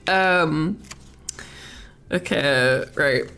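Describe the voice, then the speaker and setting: A woman's voice: sits low, drawn-out words, fairly bright tone, slight background noise. A young woman streaming casual chat about a film she just saw, rambling, swearing freely and breaking into giggles.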